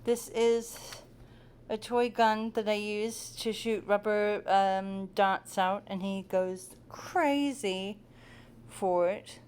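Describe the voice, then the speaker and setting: A woman's voice: mid-range voice, fairly even intonation, takes it slowly, a little mellow, a little hiss or hum. Playful woman cooing at her cat. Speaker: cat owner filming her pet. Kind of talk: casual chat to camera. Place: at home.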